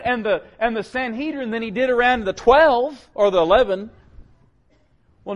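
Male preacher, high voice, dynamic sermon delivery with loud peaks and hushed lows. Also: muffled recording. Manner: dynamic, swinging from loud emphatic calls to low quiet lines.

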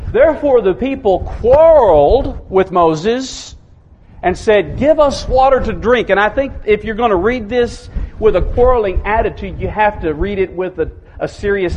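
A man preaching a sermon as pastor, speaking emphatically, repeating key phrases and slowing down to stress them. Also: sits high, animated, darkish tone. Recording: muffled with faint background hiss.

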